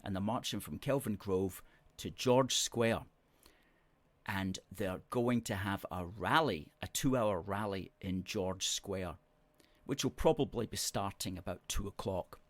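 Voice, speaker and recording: A man's voice: deep voice, unhurried, dry recording. Emphatic male host, dry sound. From Scotland. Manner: emphatic, repeats words for stress. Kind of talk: live-stream chat reading viewer comments.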